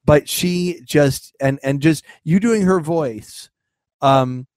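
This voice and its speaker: A man co-hosting a podcast in casual chat, rambling with halting restarts and jokes. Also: fairly high pitch, a little mellow, dry recording. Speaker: podcast co-host.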